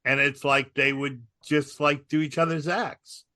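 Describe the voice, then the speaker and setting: A man and comedian chiming in with quick, chuckling anecdotes in casual chat. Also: medium pitch, little pitch movement, pushed and bright, dry recording, clean studio sound.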